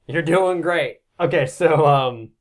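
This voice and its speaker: A man's voice: a little high, takes it slowly. A man narrating as game master, casual and joking, swearing now and then and laughing along with the players.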